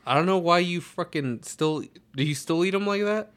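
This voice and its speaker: A man's voice: sits high, a bit bright. Teasing, profane man in casual banter. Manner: profane, teasing, quick questions. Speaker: podcast co-host. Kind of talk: casual chat.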